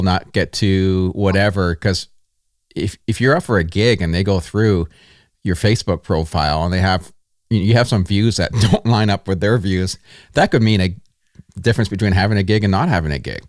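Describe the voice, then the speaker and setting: A man's voice: deep voice, moderate pace, a little mellow, no room sound, clean studio sound. A man hosting a podcast interview, asking casual questions and cheering on his guest. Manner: enthusiastic, affirming interviewer. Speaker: podcast host.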